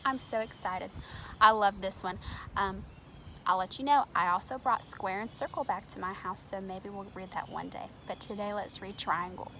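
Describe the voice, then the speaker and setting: A woman reading a picture book aloud to children at home, gentle and expressive, talking straight to her young viewers. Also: medium pitch, normal speed, slight background noise.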